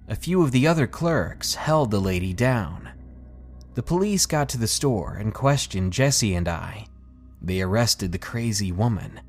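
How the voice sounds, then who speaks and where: Lively-voiced man narrating scary stories. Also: on the low side. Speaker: storyteller reading submitted stories. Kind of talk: scripted scary story narration.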